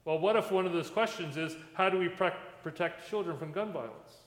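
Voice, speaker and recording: A man's voice: sits high, brisk. A man, a pastor, giving a sermon in a conversational preaching manner, recorded in a church sanctuary. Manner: conversational preaching with plain everyday comparisons. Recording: echoey church hall with long reverb.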